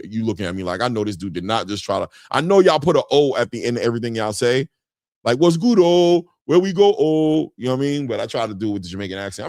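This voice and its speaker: A man hosting a boxing live stream in casual chat, reading viewer comments aloud and often ending his lines with "man". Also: no echo. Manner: animated, jumps in pitch when greeting viewers. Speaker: boxing show host.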